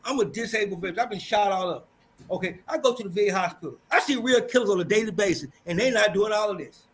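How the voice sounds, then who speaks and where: A man's voice: sits high, fast talker. An older man from Texas, a panel guest, talking bluntly and dismissively, repeating his points. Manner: blunt, dismissive, repeats himself, keeps saying hold up. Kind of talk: heated panel argument.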